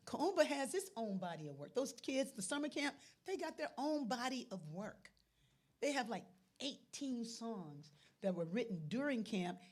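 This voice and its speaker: A woman hosting a live devotional show, chatting casually in a loose, folksy way with lots of restarts. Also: medium pitch. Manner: loose, rambling, folksy talk with frequent restarts. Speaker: livestream devotional host. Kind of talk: casual chat.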